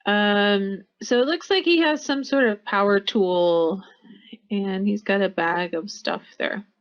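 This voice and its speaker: A woman's voice: mid-range voice, slow, lo-fi sound. An American woman teaching pronunciation in a college classroom, explaining patiently and repeating words for her students. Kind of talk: classroom instruction.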